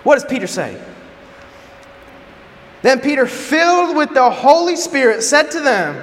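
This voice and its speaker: Animated high-voiced male preacher. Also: unhurried, pauses often. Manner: animated, joking, acts out quotes. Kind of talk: casual sermon. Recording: echoey hall, faint background noise.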